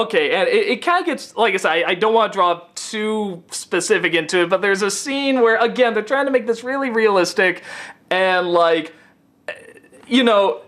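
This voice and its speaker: A man giving a casual, profane film review rant, stammering and sarcastic, often getting excited. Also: high-pitched. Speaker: film critic.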